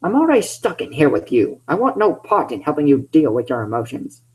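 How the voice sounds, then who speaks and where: A man's voice: fairly high pitch, big pitch swings, brisk, husky, low-quality recording. A man reading the part of a grumpy older male scientist in a curt, scornful tone while reading fan fiction aloud. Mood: annoyed.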